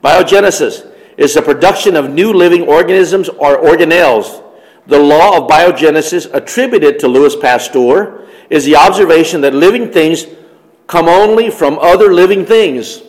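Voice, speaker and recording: A man's voice: on the high side, moderate pace. A man giving an emphatic religious teaching talk on biology, with rising stresses as he tells a story. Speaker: Christian teacher lecturing on biology. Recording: long hall reverb.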